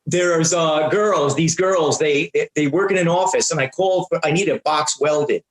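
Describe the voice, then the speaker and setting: A man around sixty, a comedian guest telling animated stories and stumbling over repeated words. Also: on the high side, normal speed. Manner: excitable, repeats and restarts words often. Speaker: guest, prank-call comedian and voice actor. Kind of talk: animated anecdotal storytelling. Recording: roomy echo.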